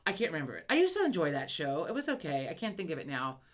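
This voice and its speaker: Woman w/ new england accent, low voice, rambly casual podcast chat, cusses a lot. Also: sing-song. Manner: rambling, swears, quick asides. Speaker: podcast co-host.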